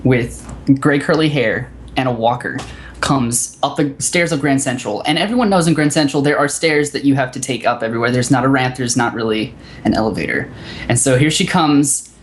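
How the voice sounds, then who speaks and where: A woman telling workplace anecdotes with excited, dramatic delivery in a casual chat. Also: a bass voice, fairly quick, a little hiss or hum. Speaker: podcast guest.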